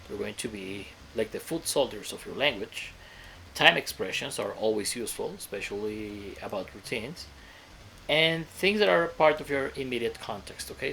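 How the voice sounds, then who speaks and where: Man, English teacher, grammar lesson, gravelly voice, mid pitch, checks in with "okay?". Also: fairly bright tone, a little hiss or hum. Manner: explains step by step, often checks in with "okay?".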